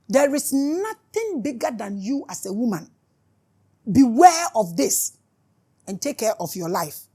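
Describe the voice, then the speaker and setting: A woman's voice: on the high side, very animated, unhurried, warm tone, slightly rough. A woman with a Ghanaian accent giving an impassioned spiritual talk, fiery and scolding as she switches between Twi and English. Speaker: spiritual teacher.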